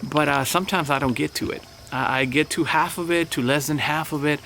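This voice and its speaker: Casual pastor guy, gravelly and kinda high, lots of ums, crickets faint in the back. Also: brisk, a little hiss or hum. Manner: relaxed, chatty, many fillers. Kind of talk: casual devotional talk.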